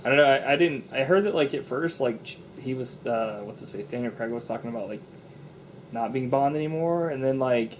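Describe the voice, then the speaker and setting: A man's voice: medium pitch, fairly quick, slight background noise. A young man co-hosting a casual movie review chat, loose and profane, often laughing.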